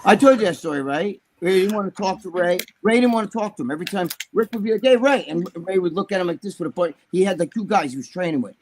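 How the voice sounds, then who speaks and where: A man's voice: high voice, expressive, fast, hardly any pauses, darkish tone, slight background noise. A man on a podcast, rambling through profane stories and acting out the people in them. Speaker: podcast regular telling stories. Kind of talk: casual chat, storytelling.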